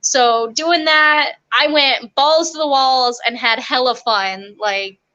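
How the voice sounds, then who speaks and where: A young woman telling stories from army basic training in a casual interview, lively and quick, acting out the quotes. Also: sits high, lo-fi sound. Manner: animated, quick storytelling with acted-out quotes.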